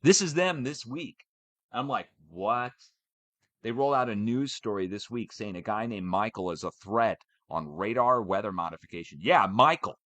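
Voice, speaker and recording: A man giving a casual, animated ranting update for his channel, swearing as he goes. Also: fairly low pitch, moderate pace, no echo. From United States. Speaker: channel host.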